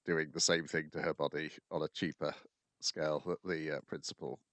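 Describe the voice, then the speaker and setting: Man, podcast co-host, hesitant casual chat, smooth voice, dry sound. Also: extremely low pitch, little pitch movement, a little fast, fairly bright tone, no room sound. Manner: hesitant, many uhs. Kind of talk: casual chat recapping anime.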